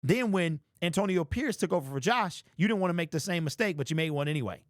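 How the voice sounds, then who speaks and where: Man, sports commentary host, casual monologue, repeats himself, fairly high voice, dry close recording. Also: quick pace, no echo. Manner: animated, repetitive, talks directly to viewers.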